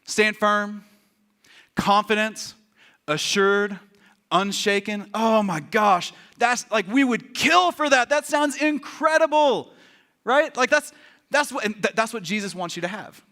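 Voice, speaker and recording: Bright-voiced, animated male pastor. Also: high voice, a little slow. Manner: animated, joking, acts out quotes. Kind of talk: sermon. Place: church.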